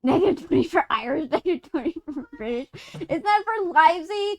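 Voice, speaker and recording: A woman's voice: extremely high pitch, lively intonation, brisk, a little hiss or hum. A woman streamer from Utah chatting casually and rambling through a story while gaming, swearing and laughing mid-sentence.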